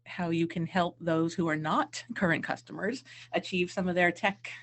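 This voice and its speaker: A woman's voice: on the low side, steady tone, normal speed, fairly bright tone. A woman co-hosting a podcast, bantering in a playful, giggly, teasing way. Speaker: podcast co-host. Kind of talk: casual podcast chat.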